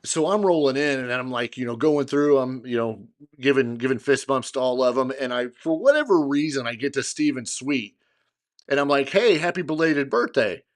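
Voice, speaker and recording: A middle-aged man with a voice of ordinary pitch, chatting as a podcast co-host. He tells his story in a loose, animated way, jumping into other people's lines as he goes. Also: moderate pace. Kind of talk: casual storytelling chat.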